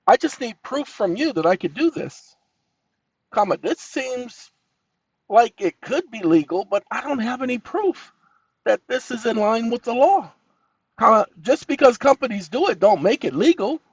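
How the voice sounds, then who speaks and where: A man's voice: sits high, normal speed, breathy edge, no room sound, muffled recording. Man scolding and dictating, dry close sound. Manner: animated, scolding, commanding interjections; folksy, addresses audience as y'all. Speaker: channel host. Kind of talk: talking to viewers while dictating to a voice assistant.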